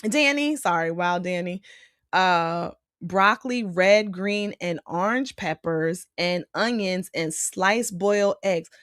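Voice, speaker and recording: A woman's voice: fairly low pitch, takes it slowly, a bit bright, dry recording, clean studio sound. A woman hosting a live stream, reading out viewer comments about food and chatting back casually. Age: adult. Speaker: host reading live chat.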